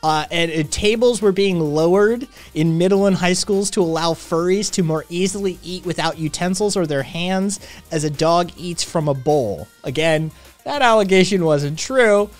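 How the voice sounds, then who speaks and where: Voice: mid-range voice, normal speed, soft background music. A livestream host reading news headlines aloud in a casual, profane, unscripted way.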